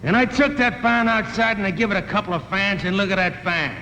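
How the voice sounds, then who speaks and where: A man's voice: high-pitched, brisk, bright, forceful tone, big-room sound, slight background noise, poor audio. A man playing a pushy, streetwise man who talks in slang and demands his money back, in an old television broadcast. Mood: indignant. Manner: slangy, pushy, ungrammatical tough talk.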